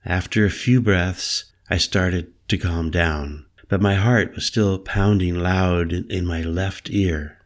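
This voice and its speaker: A man narrating a first-person story in a measured, introspective way. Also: deep voice, fairly even intonation.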